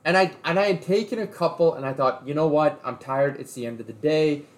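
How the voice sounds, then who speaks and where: A man's voice: a little high, fairly quick. A man in casual chat, telling a long story with rambling restarts.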